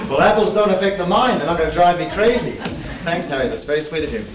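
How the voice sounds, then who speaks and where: A man's voice: on the high side, animated, a little fast, echoey room, lightly acted. A man playing a hesitant, soothing husband on stage. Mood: bemused, firm. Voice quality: hesitant, stammering, reassuring. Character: Mel, weary, soothing middle-aged husband. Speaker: stage actor. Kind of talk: amateur stage play. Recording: distant stage sound with audible hiss.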